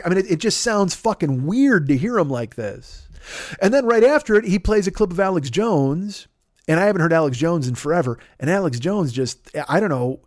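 A man's voice: high voice, animated, normal speed, darkish tone, no room sound, studio quality. A man hosting a podcast, giving a rambling, profane sponsor plug in casual chat, often breaking off and restarting. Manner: rambling, profane, self-interrupting. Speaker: podcast host.

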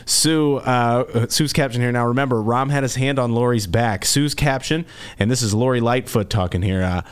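A man co-hosting a radio talk show, reading listener captions aloud with a quick laugh. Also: medium pitch, clean tone. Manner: upbeat, laughs often. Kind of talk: casual radio chat.

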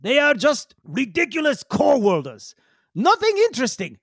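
A man voicing an excitable insectoid alien male scientist who talks in grandiose, halting, foreign-sounding phrases. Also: very high-pitched, gravelly, no echo, studio quality, pitched above the performer's own voice, full character voice. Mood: exalted. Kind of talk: tabletop role-play voice acting.

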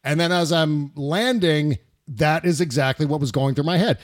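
A man's voice: fairly high pitch, normal speed. A middle-aged man hosting a casual political chat, reflective and laughing often.

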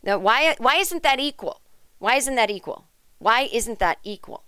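A woman's voice: on the high side, expressive, moderate pace, a bit bright, clean tone, no echo, studio quality. A woman hosting a comedic podcast, ranting in a sarcastic, indignant and profane way. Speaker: podcast host. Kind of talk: comedic rant monologue.

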